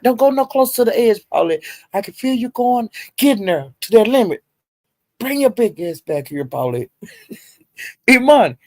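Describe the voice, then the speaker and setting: A woman riffing on a livestream, talking straight to her chat and laughing between lines. She curses freely, jumps from loud outbursts to low muttering, and her voice sits close and dry with no room sound. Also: no room sound. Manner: talks straight to chat viewers by name, laughs a lot, heavy cursing. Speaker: livestream host. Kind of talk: casual livestream commentary.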